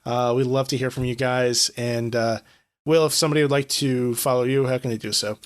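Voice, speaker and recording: A man's voice: mid-range voice, fairly even intonation, a little fast, clear, resonant tone. A young man co-hosting a gaming podcast, chatting casually and laughing often while he tells stories. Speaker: podcast co-host. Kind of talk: casual chat.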